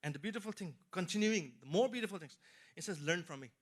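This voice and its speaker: Here the middle-aged man delivers his sermon quickly, his high, fairly bright voice full of lively intonation. It's earnest personal testimony, with rising stress on key phrases and frequent asides aimed directly at his listeners.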